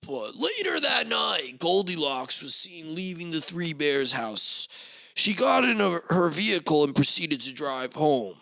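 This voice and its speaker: Man doing a mock-solemn TV newsman: slow, grave, gravelly. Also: on the high side, sing-song, sharp tone, dry recording, full character voice, low-quality recording. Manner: slow, grave, emphatic delivery. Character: dramatic male TV news reporter.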